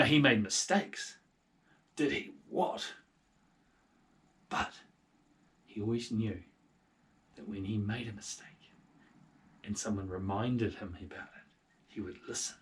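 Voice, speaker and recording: A man telling a Bible story to children, lively with soft whispered asides. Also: lowish voice, measured pace, long pauses, far from the mic, slight background noise.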